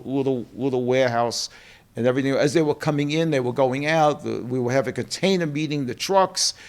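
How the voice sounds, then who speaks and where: Middle-aged man, New York accent, gravelly voice, lively storyteller who acts out the quotes. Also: mid-range voice. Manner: animated storyteller acting out quotes. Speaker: guest, company co-president. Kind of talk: storytelling interview.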